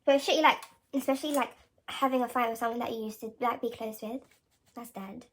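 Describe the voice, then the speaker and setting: A woman's voice: on the high side, fairly even intonation, a little fast, a bit bright. A young woman, telling a story to camera in a casual vlog, rambling with lots of slang, swearing and filler words. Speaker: vlogger.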